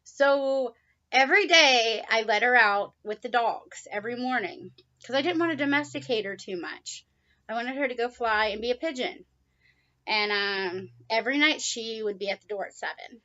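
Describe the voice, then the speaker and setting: A middle-aged woman casually telling a personal story to camera, chatty, with frequent pauses and soft laughs, talking to her pet bird in a high baby-talk voice. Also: highs cut off. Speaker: vlogger, pet bird owner.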